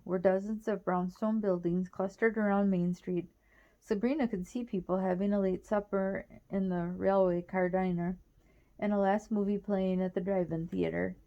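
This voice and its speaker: Gravelly woman reading a children's novel. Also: mid-range voice, mellow, muffled recording. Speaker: reader.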